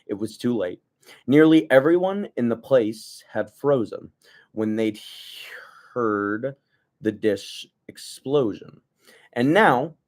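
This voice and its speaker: A man's voice: medium pitch, a little mellow. Joking young man reading aloud. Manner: stumbles over words, mock-rants. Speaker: book reader. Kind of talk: casual read-aloud with jokey asides.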